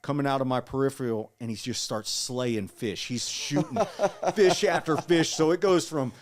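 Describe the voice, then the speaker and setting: A man in his forties telling his story in an interview, earnest and halting, with frequent restarts. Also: medium pitch. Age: 40s. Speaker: guest, Marine veteran.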